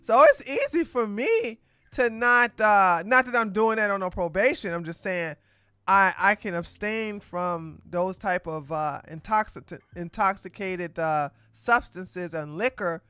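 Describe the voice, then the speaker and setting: A woman's voice: medium pitch, animated, unhurried, a bit bright, smooth, dry recording. A woman commenting casually on a live stream, rambling and correcting herself as she goes. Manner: rambling, self-correcting, chatty.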